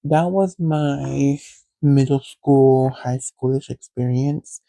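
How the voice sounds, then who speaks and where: A man's voice: medium pitch, takes it slowly, vocal fry, mellow, dry recording. A young man, hosting a podcast and telling a sassy, profane story about his past with dramatic quoted voices, recorded on a phone. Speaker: podcast host. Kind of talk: casual storytelling monologue.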